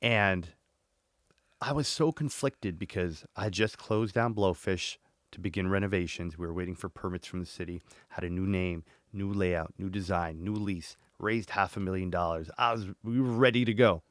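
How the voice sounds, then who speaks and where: A man in his forties, a podcast guest, telling his story in a lively way and acting out his inner dialogue. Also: low voice, normal speed, no echo, studio quality. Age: 40s. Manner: animated, acts out inner dialogue, swears casually.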